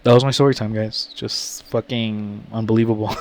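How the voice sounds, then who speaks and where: A man vlogger telling a story to his viewers, blunt and profane, talking slowly and rambling. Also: fairly low pitch, steady tone, darkish tone. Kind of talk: casual story time to camera.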